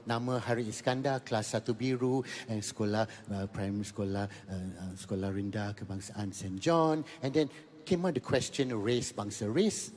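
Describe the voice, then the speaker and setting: A man's voice: medium pitch, darkish tone. A Malaysian man in his fifties with a Malaysian English accent, telling a stand-up comedy story, mixing in Malay words and repeating phrases for effect. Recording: long hall reverb.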